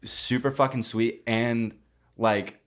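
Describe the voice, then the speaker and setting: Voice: medium pitch, steady tone, takes it slowly. Laid-back, teasing podcast co-host. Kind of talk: casual chat.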